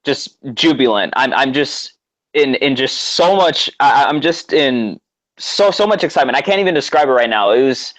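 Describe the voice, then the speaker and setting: A man excitedly recounting a story in casual chat, with many fillers and restarts. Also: mid-range voice, normal speed, low-quality recording. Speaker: guest co-host.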